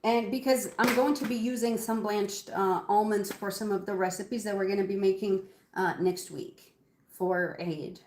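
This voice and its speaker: A woman hosts a live cooking stream from her home kitchen, chatting loosely with viewers and calling them by name. Her voice sits at a middling pitch and talk meanders with frequent ums. The kitchen gives a noticeable echo. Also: steady tone, moderate pace, darkish tone, a little hiss or hum. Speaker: cooking livestream host. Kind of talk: casual live cooking chat.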